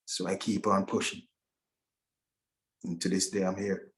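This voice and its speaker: Brief: middle-aged man with a lowish voice, telling his own story haltingly and emotionally on a video call. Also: level tone. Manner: emotional, halting, with many restarts. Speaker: guest speaker at a virtual event. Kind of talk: personal testimony.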